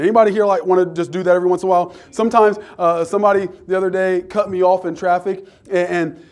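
Middle-aged preacher guy in a church, high voice, jokey, gets loud and fired up sometimes. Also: fast. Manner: animated, rising to shouts in acted outbursts; humorous, conversational preaching. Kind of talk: sermon.

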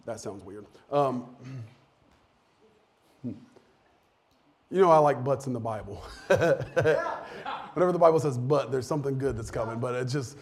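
A man's voice: mid-range voice, animated, unhurried, long pauses. A man preaching a sermon in a chatty way, often laughing and acting out quotes. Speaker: pastor.

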